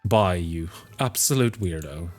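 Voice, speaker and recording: A man's voice: sits low, expressive, measured pace, a little mellow, soft background music. A man voicing a dry, snarky male detective in a near-natural voice. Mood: deadpan.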